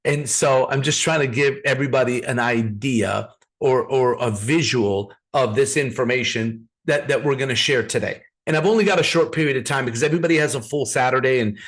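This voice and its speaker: Over a video call, a man runs a live business training, addressing his audience directly and telling stories, frequently repeating words as he restarts sentences. He speaks fairly quickly with few pauses in a mid-range, fairly bright voice.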